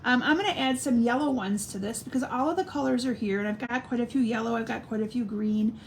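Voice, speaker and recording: A woman's voice: a little high, fast, a little hiss or hum. A middle-aged woman demonstrating card making on a live stream, chatting and answering viewer comments as she works. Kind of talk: live-stream craft demo.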